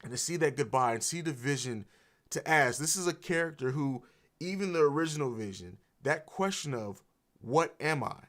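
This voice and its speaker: On a streaming mic, this reaction livestream host talks with raw emotion, cursing freely and starting sentences over, all unscripted. His voice is a little high and a bit bright, animated, and a little fast.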